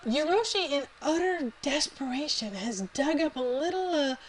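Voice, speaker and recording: High-voiced woman calling a live game. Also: expressive, moderate pace, a little hiss or hum, low-quality recording. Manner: chatty play-by-play, laughs often. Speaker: tournament commentator.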